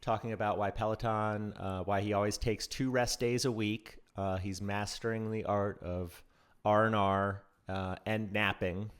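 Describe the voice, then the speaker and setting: A man's voice: on the low side, little pitch movement, smooth. A man co-hosting a casual news podcast, reading news with frequent ums and restarts. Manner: halting, many ums and restarts. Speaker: podcast co-host.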